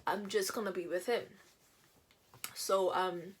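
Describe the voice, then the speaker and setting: A young woman casually telling a personal story while doing her makeup, chatty and animated, acting out what people said. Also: medium pitch, slow, husky, rough recording. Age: young adult. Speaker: beauty vlogger.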